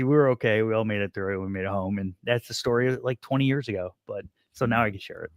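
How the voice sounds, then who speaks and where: A middle-aged man, a guest on a casual podcast, telling a story with lively acted-out dialogue. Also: mid-range voice, quick pace, hardly any pauses, no room sound, clean studio sound. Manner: animated storyteller who acts out quoted dialogue.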